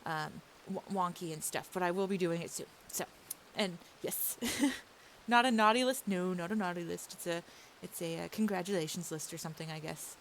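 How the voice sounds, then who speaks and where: A woman's voice: fairly low pitch, fairly even intonation, moderate pace. A woman streamer chatting casually with her audience, upbeat and rambling. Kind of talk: casual live stream chat. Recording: faint hiss.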